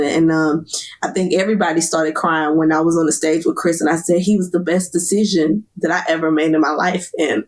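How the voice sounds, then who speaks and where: Earnest woman sharing a hard testimony. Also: fairly low pitch. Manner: earnest, emotional, halting with fillers. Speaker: guest. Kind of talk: candid personal testimony.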